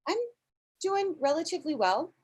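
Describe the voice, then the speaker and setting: A woman's voice: high voice, big pitch swings, normal speed, darkish tone. A woman hosting an online comedy game show, upbeat, playful and teasing with her guests. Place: home studio.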